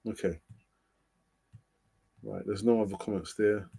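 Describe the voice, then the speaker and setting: A man's voice: on the low side, steady tone, measured pace, gravelly, mellow, slightly rough. Chatty man hosting a live stream. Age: middle-aged. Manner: chatty, laughs often, thinks aloud with fillers. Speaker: host of a fan channel live stream. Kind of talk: casual live-stream chat reading comments.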